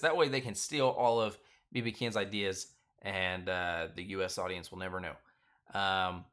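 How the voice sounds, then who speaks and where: A man's voice: lowish voice, a bit bright. A man hosting his own recap show, talking loosely with lots of filler words and strong opinions. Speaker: host of a reality TV recap channel. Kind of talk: casual episode recap chat.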